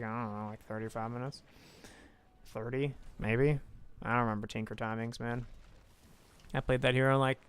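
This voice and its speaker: A young man casting a video game with excitable, swearing, self-mocking commentary, talking close to his microphone. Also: medium pitch, creaky, clean tone. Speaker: game caster. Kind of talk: casual esports commentary.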